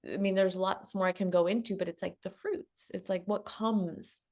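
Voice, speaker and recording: A woman love coach tells a personal story in a relaxed conversation, laughing often and acting out what people said. Her medium-pitched voice is animated and moves at normal speed.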